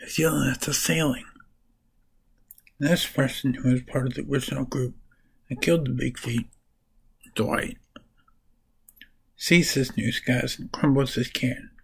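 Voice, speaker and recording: A comic book reviewer rambles through comic summaries for his vlog, restarting and correcting character names as he goes. His mid-range voice is husky and steady, with vocal fry, a measured pace, and frequent pauses. The audio quality is poor.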